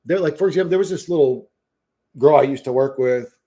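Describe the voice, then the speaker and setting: A man's voice: mid-range voice, fairly quick, warm tone. A man in casual conversation, telling a rambling, profane story full of restarts and asides. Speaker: podcast host. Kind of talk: casual chat.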